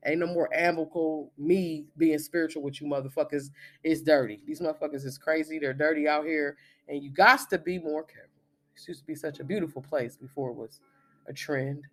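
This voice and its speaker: A man's voice: fairly high pitch, steady tone, fairly quick. A man in his thirties, a spiritual reader, giving a blunt, profane, emphatic monologue. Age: 30s.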